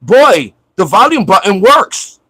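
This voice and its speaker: A man's voice: high voice, big pitch swings, slow pace, pushed and bright, slightly rough, no room sound, rough recording. A man hosting a livestream in casual chat, ranting mockingly and swearing at a viewer. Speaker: livestream host. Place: at home in Florida.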